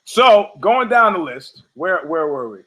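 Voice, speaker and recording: A man's voice: sits high, very animated, a little slow, pushed and bright, poor audio. Rambling, foul-mouthed man on a monologue. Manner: rambling, irreverent, acts out quotes in funny voices. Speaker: podcast host. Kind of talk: profane comedic monologue.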